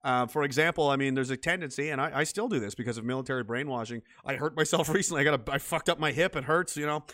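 A man's voice: medium pitch, quick pace, fairly bright tone. A man delivering a blunt, profane, combative monologue rant, often restarting and repeating words. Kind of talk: ranting monologue.

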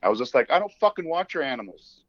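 A man's voice: medium pitch, fast talker, no room sound. A young man co-hosting a podcast, telling a story in casual chat, acting out quotes and laughing often. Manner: animated, acts out quotes, laughs often, swears. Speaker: podcast co-host. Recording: dull dry studio mic.

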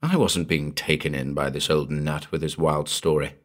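A man reading a horror story aloud as narrator, in a measured, grave storytelling manner. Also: very deep voice, fairly even intonation.

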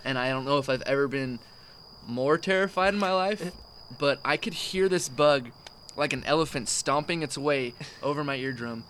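A man hosting a casual chat outdoors at night, teasing his guest and animated when he retells a story. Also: mid-range voice, moderate pace, a little hiss or hum, rough recording. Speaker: podcast host. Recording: faint outdoor night ambience with crickets.

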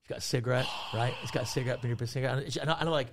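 A comedian guest in his forties tells a story on a podcast in a mid-range voice, rapid-fire over a noisy background. He's animated in this casual storytelling, laughing often and acting out other people's voices.

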